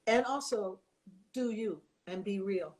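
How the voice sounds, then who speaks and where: An older woman telling lively stories in a casual chat, acting out the people she quotes. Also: medium pitch, slow. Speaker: guest.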